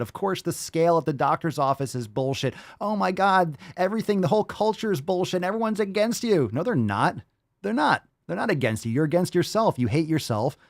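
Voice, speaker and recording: A man in the host's chair, tearing into clips with crude, swear-laden scorn. His pitch leaps and dives as he mocks in sneering put-on voices. The sound is dry and close, with no room around it. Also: no room sound. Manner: mocking, swears constantly, mimics in sneering voices. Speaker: podcast host reacting to videos. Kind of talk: profane reaction commentary.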